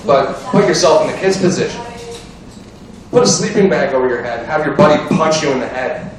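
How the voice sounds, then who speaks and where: Recorded by a distant camera with heavy reverb, a young stand-up comedian does a crude, rambling amateur bar set and banters with the audience. He sounds animated and a little fast, his voice on the high side, amid crowd chatter and laughter.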